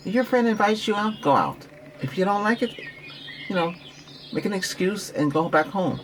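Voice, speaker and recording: Rambling, gently coaching man, birdsong behind. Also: high voice, big pitch swings, normal speed, a little hiss or hum. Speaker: Reiki practitioner. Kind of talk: relaxation talk with breathing guidance.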